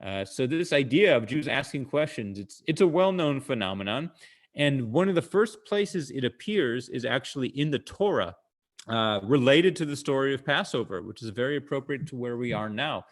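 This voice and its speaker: A male comedian with a medium-pitched voice and lively intonation speaks at a moderate pace to an online audience on a video call. It's a relaxed, conversational exchange in which he walks through his jokes, filler words everywhere.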